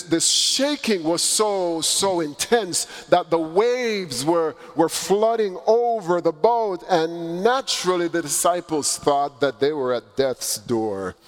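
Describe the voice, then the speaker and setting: A man preaching a sermon, with dramatic pauses and swelling emphasis. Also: on the high side. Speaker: pastor. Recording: long reverb in a large hall.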